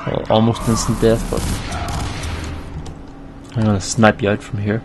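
A young man commentating his own gameplay, swearing freely and shouting at enemies as he plays. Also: on the low side, unhurried. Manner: sweary, excitable, talks to enemies. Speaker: let's play gamer. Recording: noisy home mic recording.

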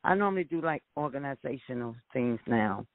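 A woman's voice: rumbling low, brisk, heavy background noise. A woman evangelist calling into a talk show, chatting casually with friendly asides. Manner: lively and laughing, friendly asides. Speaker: evangelist caller. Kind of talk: casual chat. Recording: dry, tinny phone line.

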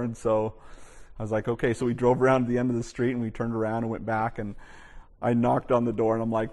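A man's voice: medium pitch, brisk, darkish tone. A male pastor preaching a sermon, telling stories in a conversational way with many restarts and asides. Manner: conversational storytelling with frequent "you know" and restarts.

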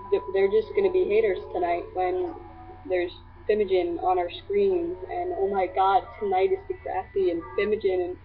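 Speaking at a normal speed in a fairly low, level voice, a teenage girl vlogs for her friends, gushing, rambling, and packing her talk with fillers. A faint hiss or hum sits under the tinny, lo-fi webcam recording.

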